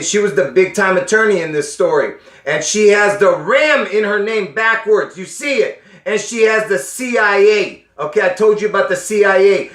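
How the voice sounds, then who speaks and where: Recorded in an echoey room, a man with a high-pitched, fairly bright voice speaks casually to his viewers. He presses his points insistently, often asks whether they understand, and sounds strained as he coughs.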